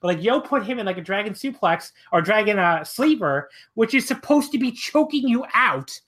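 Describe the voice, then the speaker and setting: A man co-hosting a wrestling podcast, talking in a rambling, casual way, his voice jumping high when he gets exasperated. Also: animated, moderate pace, fairly bright tone.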